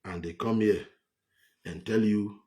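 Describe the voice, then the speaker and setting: A man's voice: lowish voice, steady tone, a little slow, mellow. A man with a Nigerian English accent giving a heated political monologue, repeating himself for emphasis. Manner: repetitive, emphatic, scornful. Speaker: political commentator.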